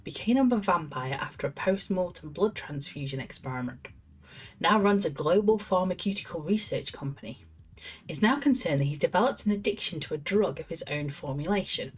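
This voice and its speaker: Chatty woman streamer, quick and amused, lower voice. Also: expressive, breathy edge. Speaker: streamer playing a therapy game. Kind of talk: live gameplay commentary.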